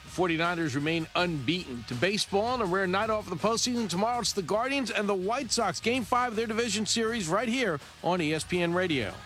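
A man reading a radio sports news update, brisk and crisp. He talks very fast and sits a little high for a man. Each item comes out clipped and efficient. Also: expressive, a bit bright, faint music behind. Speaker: sportscast anchor.

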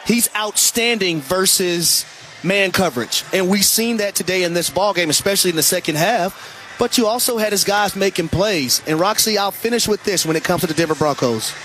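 A man with a notably high voice gives radio football analysis. He talks in an emphatic, conversational way, pressing each point home. A faint hum of background noise sits under his voice. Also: normal speed, fairly bright tone. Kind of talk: radio sports commentary.

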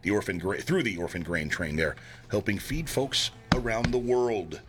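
A man's voice: fairly low pitch, normal speed, over music. A young man hosting a casual morning radio show, joking and laughing at his own puns.

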